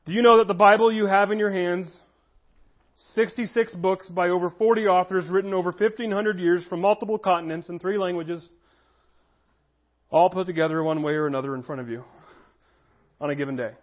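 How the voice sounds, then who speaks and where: A man preaching a sermon as pastor, earnest, slowing down to stress key phrases. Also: high-pitched, steady tone, dull audio.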